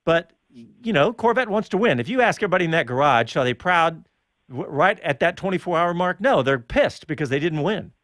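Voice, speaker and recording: Brief: male host, lively swinging delivery, dry close sound. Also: on the high side, fairly quick, no echo. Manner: animated and chatty, laughs often. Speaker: show host. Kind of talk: casual motorsport chat.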